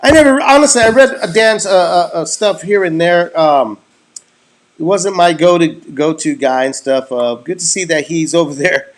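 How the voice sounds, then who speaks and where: Rambling young man, slightly higher voice. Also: normal speed. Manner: rambling, many fillers and restarts. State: dry mouth. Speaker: podcast co-host. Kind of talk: casual boxing commentary over beers.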